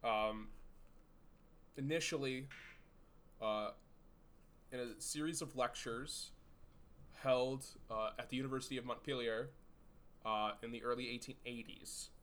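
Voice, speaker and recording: Podcast guy, chatty, laughs a lot, lots of uhs, mid pitch. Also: fairly even intonation, unhurried, pauses often, a bit bright, a little hiss or hum. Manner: laughing, full of fillers, crude jokes. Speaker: podcast co-host. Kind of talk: casual podcast chat.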